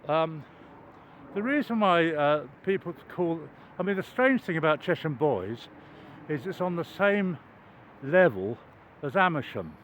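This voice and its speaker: An older man vlogs as he walks through a wooded cricket ground, telling a wandering, self-mocking story full of ums and false starts. His voice sits on the high side, the highs sound cut off, and there's a little hiss or hum.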